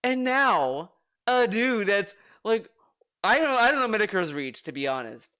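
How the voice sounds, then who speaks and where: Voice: medium pitch, big pitch swings, a little slow, bright, forceful tone, smooth. A streamer giving exasperated, ranting commentary on a video, swearing freely. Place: home streaming room.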